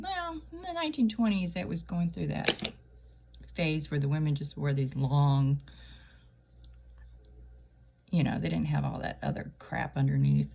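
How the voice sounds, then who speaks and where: Chatty middle-aged woman, low voice. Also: gravelly, mellow, a little hiss or hum. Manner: chatty, wry, laughs at her own jokes. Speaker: channel host. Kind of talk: casual comedic monologue.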